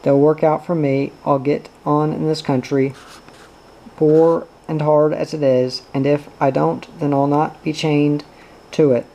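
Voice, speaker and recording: A man's voice: fairly high pitch, little pitch movement, measured pace, mellow, muffled recording. A man voicing a restless young farmhand who speaks bluntly and with determination. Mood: defiant.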